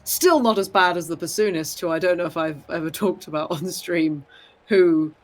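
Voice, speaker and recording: Casual male co-host, higher-pitched, easy laughter, trailing sentences. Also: normal speed. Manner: chatty, laughs often, trails off. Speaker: podcast co-host. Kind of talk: casual chat.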